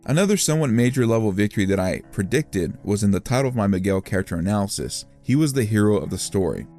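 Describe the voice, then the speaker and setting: A man giving reflective scripted commentary in a measured, self-reflective way. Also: on the low side, a little mellow. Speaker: video essayist.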